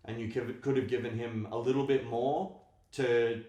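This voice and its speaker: A man co-hosting a casual podcast about films, speaking in a measured, reflective way. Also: mid-range voice, steady tone, warm tone. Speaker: podcast co-host. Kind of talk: casual film discussion. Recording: roomy echo.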